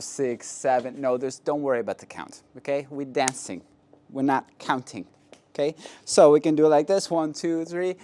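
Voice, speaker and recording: A man's voice: on the high side, darkish tone. Playful male salsa instructor counting steps. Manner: playful, counts steps aloud, jokes and laughs. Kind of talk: dance class instruction.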